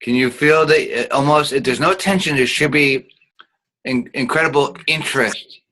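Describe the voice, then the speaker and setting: A man's voice: medium pitch, normal speed, bright, forceful tone, rough recording. A man teaching an online acting class, guiding students patiently and showing each sound with hums.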